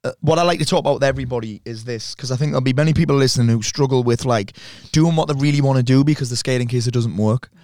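A man's voice: mid-range voice, darkish tone, dry recording, studio quality. A man hosting a podcast, asking questions in casual chat and interjecting often. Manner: quick, chatty, interjects often. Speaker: podcast host.

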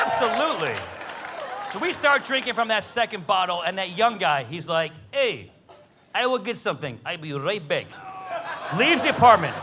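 Male stand-up comic, high and expressive, live room with audible noise. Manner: animated storytelling, swearing. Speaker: stand-up comedian. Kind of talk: stand-up comedy set. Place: comedy club stage.

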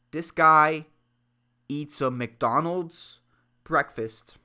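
A man's voice: fairly high pitch, very animated, unhurried, sharp tone. Rambling, swearing man on a comedy podcast. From Puerto Rico. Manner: rambling, swearing, swings between worked-up rants and mumbled asides. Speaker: podcast host. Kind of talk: solo comedy podcast monologue.

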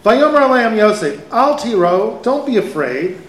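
A man, a rabbi, giving a lively conversational Torah lecture to a live audience and asking them questions. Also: high voice, moderate pace. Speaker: rabbi teaching a Torah class. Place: event hall with an audience. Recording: echoey hall.

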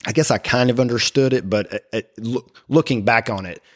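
A middle-aged man sharing his personal faith story in conversation, speaking haltingly with many fillers and restarts. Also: medium pitch. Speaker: guest.

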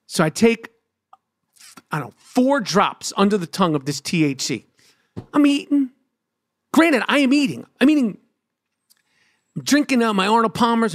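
A middle-aged man, telling a profane, animated story as a podcast host. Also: high voice, no room sound, clean studio sound. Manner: animated, brash, lots of swearing.

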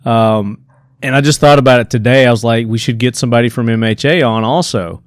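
A man's voice: mid-range voice, brisk, dry recording, studio quality. A man hosting a podcast, chatting casually and backing his guest with short replies. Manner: relaxed, affirming interjections. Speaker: podcast host. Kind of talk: casual interview talk.

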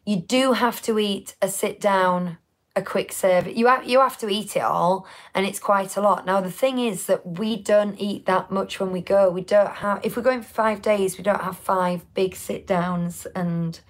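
A woman's voice: mid-range voice, steady tone, unhurried. A woman co-hosting a casual live show, chatting in a rambling way with many restarts. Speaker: podcast co-host. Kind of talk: casual live-stream chat.

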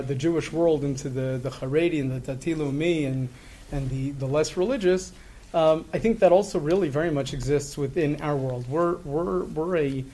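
A middle-aged man telling a story in a conversational way, halting with many fillers and restarts, earnest and reflective. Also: fairly high pitch, warm tone, slight background noise.

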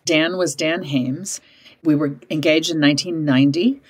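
A woman in her fifties telling parenting stories in an interview, emphatic and animated, often switching into higher voices to act out quoted parents and kids. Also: moderate pace. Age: 50s. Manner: emphatic, punctuates points with "okay?". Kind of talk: conversational storytelling in an interview.

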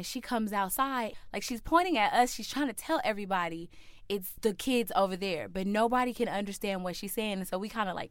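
A young woman telling a personal childhood story, animated and acting out the voices of family members in loud, high quotes. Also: smooth, no echo. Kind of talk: personal story told to a listener.

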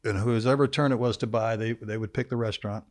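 A man's voice: fairly low pitch, steady tone, fairly quick, no room sound. A man in his sixties telling laid-back, wry stories as a guest in a studio. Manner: laid-back, wry, trails off in long anecdotes. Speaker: guest, former football quarterback. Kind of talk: casual storytelling.

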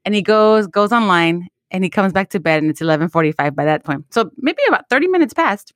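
A woman co-hosting a podcast, telling a family story in casual chat and mimicking her husband with expressive, laughing delivery. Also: medium pitch, quick pace, no echo, studio quality. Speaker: podcast co-host.

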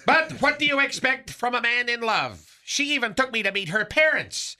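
A man doing a bright, pompous lovesick fellow. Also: very high-pitched, normal speed, exaggerated voice. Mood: deadpan pompous. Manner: flowery, overblown vocabulary, deadpan bragging. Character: lovesick, long-winded, pompous grown man. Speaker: recurring comedy character. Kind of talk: radio comedy sketch.

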